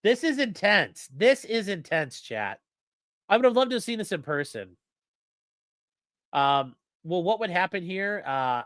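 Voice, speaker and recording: A man's voice: high voice, very animated, unhurried, fairly bright tone, no room sound, studio quality. A male lawyer giving blunt, profane live-stream commentary and reading out chat.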